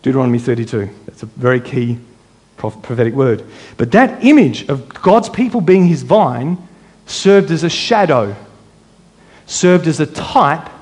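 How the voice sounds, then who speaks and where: A man's voice: mid-range voice, darkish tone. A man preaching a sermon, teaching from scripture and quoting verses while asking the congregation questions.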